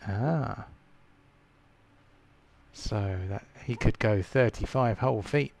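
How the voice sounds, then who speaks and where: A man running a tabletop game as game master, thinking aloud with frequent fillers and halting restarts. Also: fairly low pitch, vocal fry, darkish tone.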